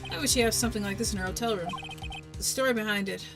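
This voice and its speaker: A woman voicing an earnest, determined young male defense attorney in a video game, reassuring and steady. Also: medium pitch, racing, natural voice. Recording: music playing underneath.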